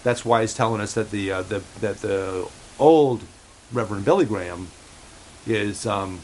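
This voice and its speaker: A man hosting a home-made show in a rambling, halting way, full of fillers and restarts, passing on what his cat supposedly says. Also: on the low side, slight background noise, low-quality recording. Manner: halting, many fillers and restarts, relays a cat's remarks. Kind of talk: rambling casual monologue.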